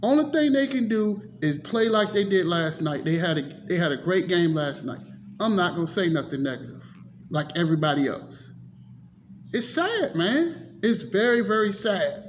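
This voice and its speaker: Man, very high-pitched voice, frustrated sports vlog rant, cursing, repetitive, muffled audio. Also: very animated, normal speed. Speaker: sports vlogger. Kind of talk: ranting sports commentary. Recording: dull lo-fi audio with faint noise.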